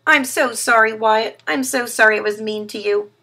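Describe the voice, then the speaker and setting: A woman voicing a small young male turtle in a storybook, with a soft little voice. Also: a little high, normal speed, voice pushed up. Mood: apologetic.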